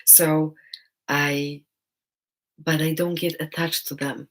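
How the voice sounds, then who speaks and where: A woman giving a live online talk as a personal development coach, gentle and encouraging, pausing often and laughing now and then. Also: sits low, little pitch movement, rough recording. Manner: speaks with many pauses and fillers.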